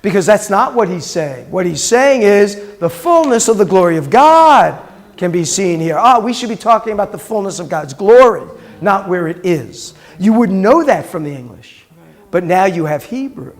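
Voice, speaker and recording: A middle-aged rabbi teaches a Hebrew class in a high, sing-song voice at a moderate pace. He patiently repeats words aloud while quizzing his students, in a classroom lecture punctuated by questions.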